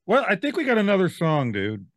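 Goofy male podcast host, lively. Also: high-pitched, no room sound. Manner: jokey, quick, goofy. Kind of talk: casual chat.

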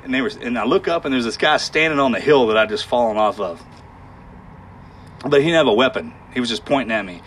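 A man telling a harrowing war story in conversation, halting and emotional, with sighs and restarts. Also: medium pitch, a bit bright, a little hiss or hum.

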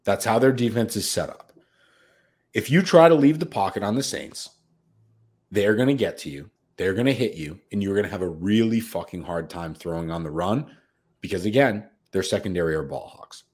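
A man's voice: lowish voice, animated, moderate pace, a little mellow, husky. A man co-hosting a sports betting podcast, talking in a brash, profane, hyped-up way. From United States. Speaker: podcast co-host. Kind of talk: casual sports betting chat.

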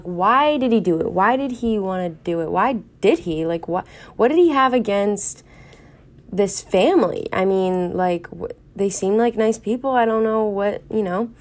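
Young woman podcast host, casual true-crime storyteller, chatty, thinks out loud with plenty of filler words. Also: mid-range voice. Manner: chatty, wondering aloud, many fillers.

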